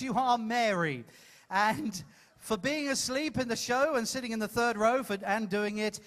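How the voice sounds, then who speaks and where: High, bright-voiced comedian on stage. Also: male voice. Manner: playful, teasing, theatrical. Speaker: stage comedian hosting an audience game. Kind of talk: live stage comedy with audience participation. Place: cruise ship theater stage.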